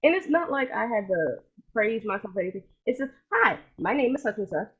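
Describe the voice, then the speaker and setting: A woman co-hosting a podcast, telling lively casual stories in slangy speech with a husky voice over a video call. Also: on the high side, a little fast, highs cut off. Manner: animated storyteller, colloquial, laughs easily. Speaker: podcast co-host. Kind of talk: casual chat.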